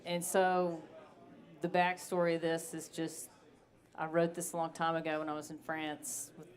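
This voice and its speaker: A woman's voice: low-pitched, completely flat delivery, normal speed. A woman singer-songwriter, talking candidly and bluntly between songs on a live stage. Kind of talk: between-song stage talk.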